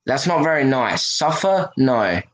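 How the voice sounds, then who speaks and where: A man's voice: medium pitch, big pitch swings, measured pace, rough recording. A man hosting a casual livestream, talking earnestly and reassuringly to his viewers with lots of "you know" fillers. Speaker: livestream host.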